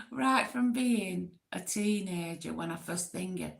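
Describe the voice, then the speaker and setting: A woman chats casually with her viewers in a slow, unhurried way. Her voice is gravelly and sits a little low. She rambles and giggles at herself. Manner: chatty, giggly, rambling, self-deprecating. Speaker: livestream host.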